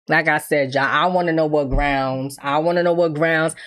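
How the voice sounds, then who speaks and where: A woman hosting a casual gossip commentary show, talking in an animated, profane, chatty way. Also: deep voice, moderate pace, few pauses. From New York. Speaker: host.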